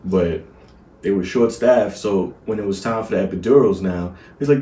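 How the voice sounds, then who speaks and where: A man casually telling a birth story with his partner, acting out quotes in an animated way. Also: low-pitched, moderate pace. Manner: animated, acts out quotes with laughs. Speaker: vlog co-host, new father. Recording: echoey room, mic at a distance.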